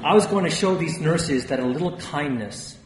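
A man reading a first-person memoir aloud with a wry, lightly animated delivery. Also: a little high, normal speed, background noise. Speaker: audiobook narrator. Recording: distant, echoey room with long reverb.

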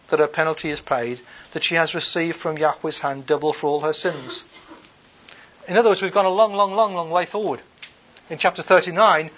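A man's voice: on the high side, fairly bright tone. A man giving an unscripted lecture on scripture, reading verses aloud and then explaining them in a conversational way, with frequent ums, uhs and restarts. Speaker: bible lecturer.

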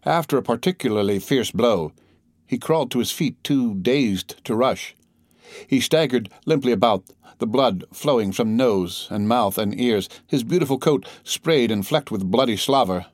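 A man reading an audiobook in measured, dramatic storytelling. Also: medium pitch, lively intonation, no room sound, studio quality. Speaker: audiobook narrator. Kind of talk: scripted audiobook narration.

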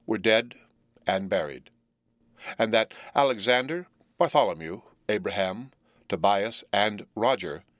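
A man reads a classic novel aloud in a measured, deliberate way. His voice sits low, and the recording is dry and close to the mic, with no room sound. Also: a bit bright, dry recording. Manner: measured, deliberate literary reading. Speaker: audiobook narrator. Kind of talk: scripted narration of a classic novel.

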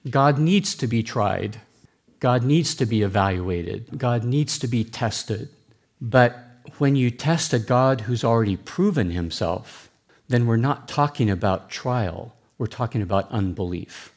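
A man preaching a sermon at a church, earnest and deliberate as he explains. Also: medium pitch. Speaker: pastor.

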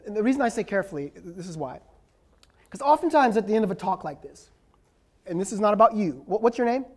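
Talking at a quick pace, this professor has a high, expressive, somewhat mellow voice. He lectures emphatically, fields questions from the audience, and keeps closing his points with "right?".

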